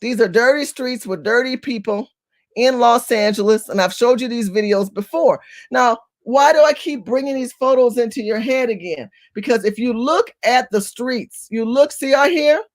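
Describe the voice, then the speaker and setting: A woman with a fairly high voice hosts a live stream. She talks straight to her viewers as "family", hammering points home by repeating them. Rhetorical questions come one after another. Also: normal speed. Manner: emphatic and repetitive, firing rhetorical questions at viewers. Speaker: livestream host.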